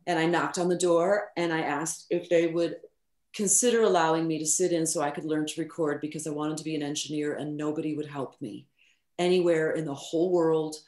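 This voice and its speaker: A middle-aged woman, a recording engineer, telling stories in a casual interview. She speaks in a frank, animated way, swears casually and uses many fillers. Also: low-pitched, a little fast. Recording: roomy echo.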